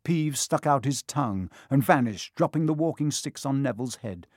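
A man narrating a children's fantasy novel in a steady, expressive audiobook reading. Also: mid-range voice, normal speed, no echo, studio quality.

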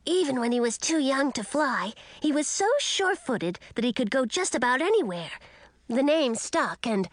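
A woman's voice: high voice, big pitch swings, normal speed, no echo, studio quality, pitched above the performer's own voice. A woman doing a young chatty dragon boy. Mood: earnest. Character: young friendly male dragon, eager and chatty.

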